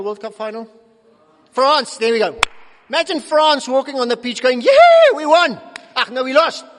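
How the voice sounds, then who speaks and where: A middle-aged male pastor delivers a sermon in a fairly high voice with a gravelly edge. He acts out quotations with sudden swings from loud to soft. The sound carries the long reverb of a large church hall. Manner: animated, acting out quotes with big swings in loudness.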